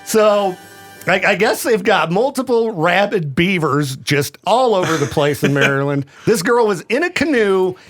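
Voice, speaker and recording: A man co-hosting a loose radio talk show, his voice pitched high for a man. He is chatty and animated, with his pitch leaping around as he reads out odd news items and laughs with his partner. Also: normal speed, soft background music. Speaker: radio co-host. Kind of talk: joking radio banter. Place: radio studio.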